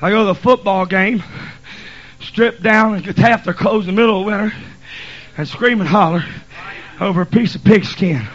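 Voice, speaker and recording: A male preacher with a high voice, preaching in a folksy, hurried way and reading scripture between asides. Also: fairly bright tone, highs cut off. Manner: folksy, hurried, dialect grammar. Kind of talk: sermon.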